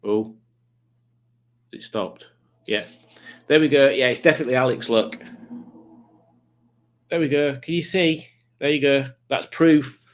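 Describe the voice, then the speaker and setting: A man's voice: medium pitch, measured pace, pauses often. A man hosting a live stream, chatting loosely, joking and greeting viewers in the chat. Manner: rambling, jokey, greets the chat. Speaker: livestream host. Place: home streaming setup with lights.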